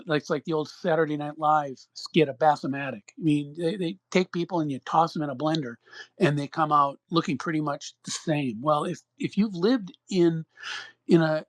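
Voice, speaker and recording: A man's voice: on the high side, dry recording. A middle-aged man from Minnesota, co-hosting a podcast and telling a long, rambling personal story. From Minnesota, USA. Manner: rambling, acts out quoted voices. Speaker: podcast co-host. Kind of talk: casual anecdotal storytelling.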